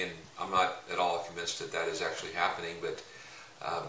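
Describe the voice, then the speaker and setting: A man's voice: low voice, sharp tone. A man giving a casual faith-based teaching talk, telling stories in a rambling way with many filler sounds. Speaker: evangelism ministry leader. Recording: roomy echo, mic at a distance, faint noise.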